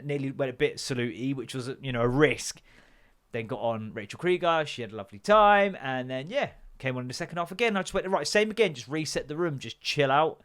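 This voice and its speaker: A man's voice: a little high, a bit bright. A man hosting a podcast, chatting casually and swearily, joking and acting out quotes in other voices. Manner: sweary, jokey, acts out quotes. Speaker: podcast host and comedian. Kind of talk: casual rambling chat.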